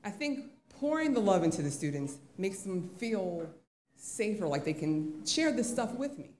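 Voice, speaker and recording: A woman's voice: medium pitch, sing-song, a little slow, a little mellow, slight background noise. A woman teacher telling a candid, conversational story on stage at a live event. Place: live event in a museum venue. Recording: echoey live venue.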